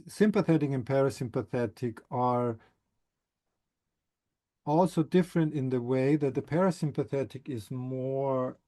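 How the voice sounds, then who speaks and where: Male somatic teacher, slow and deliberate, soft dark timbre, restarts often while thinking aloud. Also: medium pitch. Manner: halting, thoughtful, frequent restarts. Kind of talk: explanatory talk answering a question.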